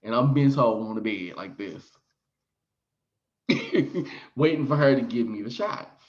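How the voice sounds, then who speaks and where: A man's voice: mid-range voice, expressive, measured pace, muffled recording. A man telling a frank personal story to his viewers in a casual, theatrical way, acting out his own reactions. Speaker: storyteller vlogger.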